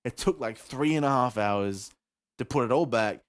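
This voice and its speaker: A man's voice: medium pitch, normal speed. A young man co-hosting a podcast, telling a story in casual chat with rambling, swearing and bursts of laughter. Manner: rambling, profane storytelling that grows loud and laughing. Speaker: podcast co-host. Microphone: headset or desk mic at a computer.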